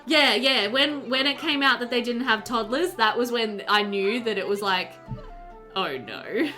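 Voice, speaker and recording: A woman chatting casually on a live stream while she plays a game, excitable and full of fillers, answering her chat as she goes. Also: a little high, moderate pace, faint music behind.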